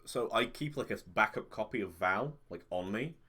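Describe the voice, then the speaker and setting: A man's voice: lowish voice, lively intonation, normal speed, bright, forceful tone, husky. A man playing a tabletop game, hesitant and thinking aloud. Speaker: player. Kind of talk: casual game table chat.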